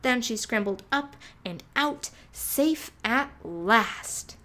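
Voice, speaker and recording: A woman reading a storybook aloud for toddlers in a gentle, soft-spoken way. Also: fairly high pitch, animated, takes it slowly.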